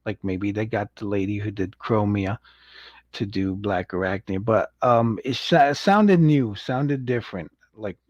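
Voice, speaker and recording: A man's voice: fairly low pitch, unhurried, dry recording. A man hosting a casual livestream review. He rambles, chuckles often and acts out quotes. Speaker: show host reviewing an animated series. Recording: dull lo-fi, dry sound.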